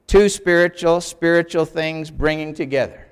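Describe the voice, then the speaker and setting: A man's voice: fairly high pitch, normal speed, smooth. An older man giving an emphatic classroom lecture on the Bible, explaining step by step and asking for the next slide. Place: lecture hall. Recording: long hall reverb.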